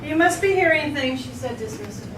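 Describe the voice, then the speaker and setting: A woman's voice: high voice, animated, quick pace. An actress playing a melodramatic woman who narrates everything she says, in a theatrical, over-the-top manner. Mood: indignant. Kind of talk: stage play acting. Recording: echoey hall, distant mic, noisy.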